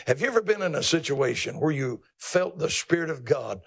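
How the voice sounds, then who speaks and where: Gravelly, folksy preacher man. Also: fairly high pitch, animated, brisk. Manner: folksy, dramatic, teasing. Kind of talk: sermon.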